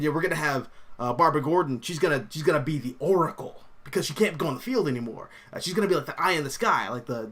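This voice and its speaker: His voice on the high side, bright and forward, a young man hosts a comics livestream and reacts to viewer comments. He keeps things casual and animated, rambling loosely, saying "like" and "um" a lot and breaking into laughter.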